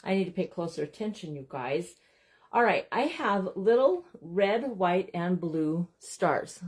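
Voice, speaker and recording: A woman's voice: fairly low pitch, animated, measured pace, a little mellow. Chatty woman hosting a craft livestream. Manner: chatty, keeps addressing viewers as "you guys"; self-deprecating and apologetic. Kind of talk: casual livestream chat.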